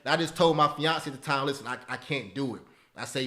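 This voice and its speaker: A man in his thirties hosting a live webinar, talking in an animated, preachy way that repeats phrases and keeps asking "right?" and "okay?". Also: medium pitch, fast. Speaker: webinar host teaching stock options. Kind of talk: live webinar talk, motivational.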